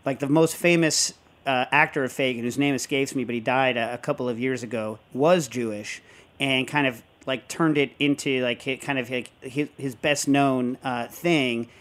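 A man hosting a casual talk show, rambling and animated, often breaking into show tunes. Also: medium pitch, normal speed. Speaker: host. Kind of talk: casual chat.

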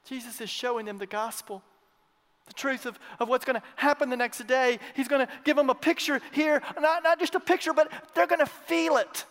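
A man preaching a sermon as pastor, emphatic, swinging between loud declarations and hushed asides, repeating his phrases. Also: very high-pitched, fairly even intonation, a little fast. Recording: long reverb of a large hall.

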